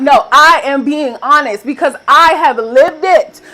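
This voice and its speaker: Young woman, high voice, motivational vlog talk, emphatic repeated affirmations, casual swearing. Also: normal speed, bright, forceful tone, low-quality recording. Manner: emphatic, repetitive affirmations with frequent profanity; casual, direct address to viewers. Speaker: manifestation coach.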